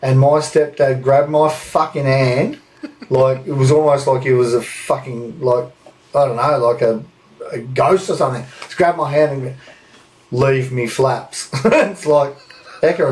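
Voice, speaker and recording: A man's voice: medium pitch, steady tone, moderate pace, darkish tone. An Australian man hosting a podcast, telling a story in a casual, sweary way and laughing often. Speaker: podcast host. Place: indoor room, recorded live.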